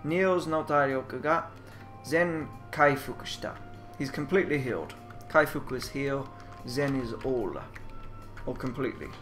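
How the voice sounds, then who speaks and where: A young man narrates a game playthrough, translating its Japanese text as he goes. He thinks aloud, trails off and doubts his own guesses, at a middling pitch, with game music playing softly behind him. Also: moderate pace. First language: English. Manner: muses aloud, trailing off and second-guessing himself. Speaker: let's player.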